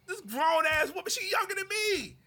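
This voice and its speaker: A man in his thirties co-hosting a casual chat, loud and teasing, laughing often and acting out scenes. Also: very high voice, lively intonation, normal speed. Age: 30s. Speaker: podcast co-host.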